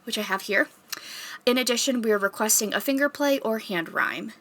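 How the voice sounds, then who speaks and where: A woman's voice: fairly high pitch, a little fast, a bit bright. A woman chatting to camera in a casual vlog, nervous and self-conscious as she rehearses and gives herself tips. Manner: chatty and playful. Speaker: vlogger practicing for a librarian job interview.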